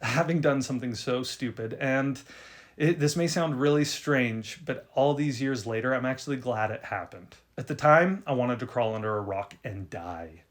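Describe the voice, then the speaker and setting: A young man hosting a video on writing, telling an embarrassing story in an animated, self-deprecating way with frequent restarts. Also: mid-range voice, moderate pace. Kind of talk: casual storytelling to camera.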